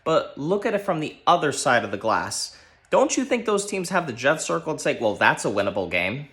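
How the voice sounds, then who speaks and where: A man ranting about his football team, heated and profane, exasperated, shouting at times. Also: on the high side, sing-song, fairly quick. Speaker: sports fan ranting on his channel. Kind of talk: angry solo sports rant.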